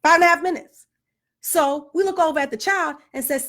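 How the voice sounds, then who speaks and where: A woman's voice: very high voice, animated, normal speed, fairly bright tone. A woman telling a story as a parent, emphatic and repetitive, hammering her points home. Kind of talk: casual storytelling monologue.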